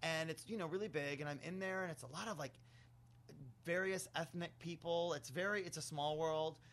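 A man's voice: on the high side, moderate pace, fairly bright tone. A man host telling a comic story in casual, chatty talk, swearing freely and acting out the people in it. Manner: acts out other people in the story.

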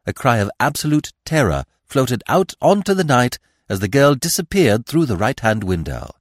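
A man narrating a classic mystery novel as a podcast reader, in a measured, expressive storytelling manner. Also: medium pitch, no echo, studio quality. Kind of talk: audiobook reading of a classic mystery.

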